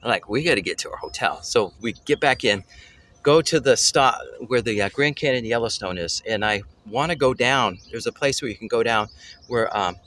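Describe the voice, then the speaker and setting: A man hosting a family travel show, telling a story casually and excitedly, often pausing to search for words. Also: mid-range voice, a little hiss or hum. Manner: excitable, gropes for words, exclaims "holy cow".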